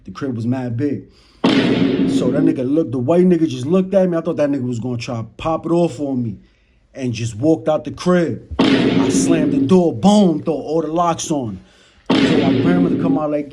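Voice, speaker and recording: A man's voice: fairly high pitch, moderate pace. A young man with a New York accent telling a casual storytime in slang, talking straight to his chat and acting out the moments. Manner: slangy, talks to chat, animated retelling. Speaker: storyteller vlogger. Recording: noisy background.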